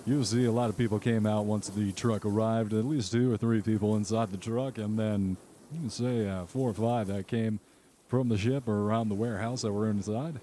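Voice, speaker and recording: A man runs a tabletop horror game as the game master. His voice is low and mellow, and he narrates the scene loosely, filling pauses with uh and um. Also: steady tone, slight background noise. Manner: rambling narration full of uh and um.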